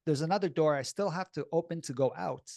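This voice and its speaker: Man, podcast host, casual storytelling, blunt and animated, shaky and upset, slightly high voice, dry close sound. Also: fast, creaky, no room sound. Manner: animated, blunt, swears freely. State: shaky and upset while recalling.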